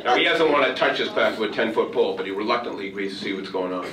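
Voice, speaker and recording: Fast-talking man telling a story on stage. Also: on the low side, slight background noise. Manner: animated storyteller, acts out dialogue, humorous. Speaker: keynote speaker. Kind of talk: motivational keynote storytelling. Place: large conference hall. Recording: roomy hall, far from mic.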